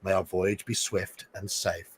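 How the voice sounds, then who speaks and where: A man's voice: low voice, level tone, a little slow, slight background noise, voice pushed down. A man reading as a grave sea captain. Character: tall red-bearded ship captain, grave.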